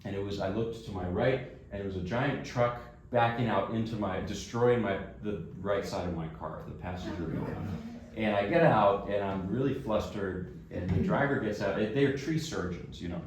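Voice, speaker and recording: A man's voice: on the low side, moderate pace. A man from New Jersey who plays classical piano, telling a self-deprecating story to an audience in a casual way. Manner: chatty, self-deprecating anecdote teller. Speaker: classical pianist giving a recital talk. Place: concert hall. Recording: echoey hall from far off, background noise.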